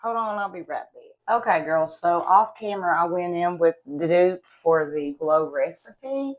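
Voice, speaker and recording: Her pitch sits fairly low and the audio is dull. She's a woman from West Virginia, USA, with an Appalachian Southern lilt, reviewing products at home in a folksy, chatty talk to camera and addressing everyone as y'all.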